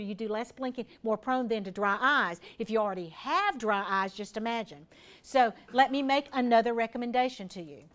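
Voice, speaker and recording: A woman, giving an informal health talk to a group and often asking the audience questions. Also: a little high. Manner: folksy and conversational, asks the audience questions. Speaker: health educator speaking to a seniors group.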